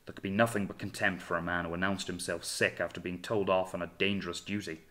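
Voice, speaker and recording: Low-voiced male audiobook narrator. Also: little pitch movement, a bit bright. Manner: measured, dramatic storytelling. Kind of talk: scripted narration.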